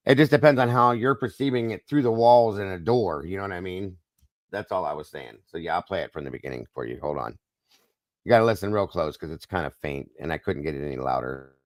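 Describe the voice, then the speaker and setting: Talking fast in a low-pitched voice, this livestream host thinks out loud during a casual discussion and addresses chat viewers directly. The audio has no room sound.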